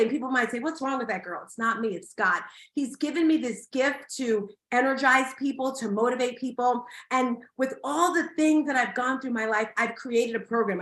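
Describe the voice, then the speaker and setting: A woman giving a live motivational talk to an audience at an event, energetic and emphatic, with loud bursts of excitement. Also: high-pitched. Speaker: motivational speaker. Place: event hall. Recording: echoey hall.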